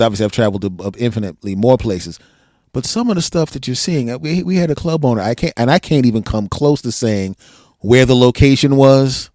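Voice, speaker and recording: Deadpan joking comedian host, dry sound. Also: male voice, medium pitch, no room sound. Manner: joking, deadpan denials, acts out quotes. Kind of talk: casual podcast chat.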